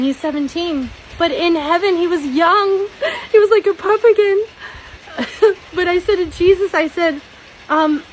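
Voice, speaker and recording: Middle-aged woman, high voice, earnest and teary, faint hiss behind her. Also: low-quality recording. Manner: tearful, laughing, earnest. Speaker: dream testimony vlogger. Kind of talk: emotional personal testimony.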